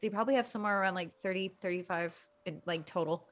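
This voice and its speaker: A woman playing a tabletop game casually describes what her character does in a chatty role-play, using lots of fillers. Her voice is lowish and her pace quick.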